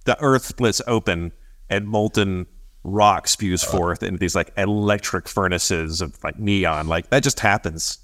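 A man co-hosting a podcast, telling a story in casual chat, animated, acting out the voices of the people he quotes and laughing often. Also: sits low, a little slow. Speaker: podcast co-host.

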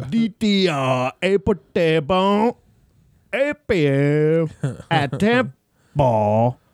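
A man voicing an old Creole grandfather who drawls slowly and calls the listener baby. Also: fairly high pitch, big pitch swings, clear, resonant tone, no room sound, clean studio sound, exaggerated voice. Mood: crooning. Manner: slow, exaggerated drawl with pet names. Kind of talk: comedy podcast bit, slowed delivery.

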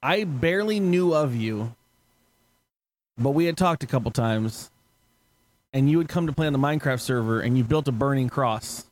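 A man's voice: medium pitch, lively intonation, normal speed, long pauses. A man hosting a podcast, telling stories in casual chat, rambling, swearing and laughing often. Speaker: podcast host.

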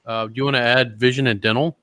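A man's voice: medium pitch, steady tone, fast, a bit bright, no room sound, clean studio sound. A man co-hosting a podcast, telling rambling, profane stories in casual chat. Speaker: podcast co-host.

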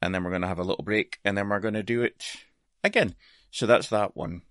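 A man's voice: lowish voice, steady tone, fast, a bit bright, clear, resonant tone, dry recording, clean studio sound. A Scottish man chatting casually on a podcast, laughing often and swearing in a self-deprecating way. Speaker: podcast guest presenter. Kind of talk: casual chat.

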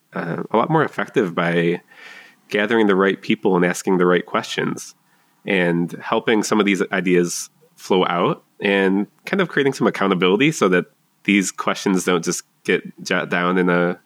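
A man speaking as a marketing consultant guest on a podcast, thoughtful and halting, often pausing to find his words. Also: deep voice, fairly bright tone, no room sound. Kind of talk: casual interview chat.

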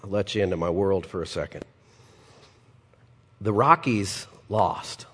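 A male pastor preaching a sermon, animated and personal, with humorous asides and acted-out quotes. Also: deep voice, a little slow, in a large hall, slight background noise.

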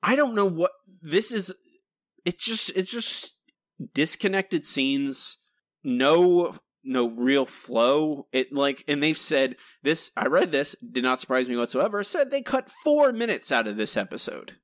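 A man's voice: on the high side, very animated, unhurried, dry recording, clean studio sound. A man co-hosting a podcast, talking in an exasperated, rambling way with frequent restarts. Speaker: podcast co-host. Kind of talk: casual review chat.

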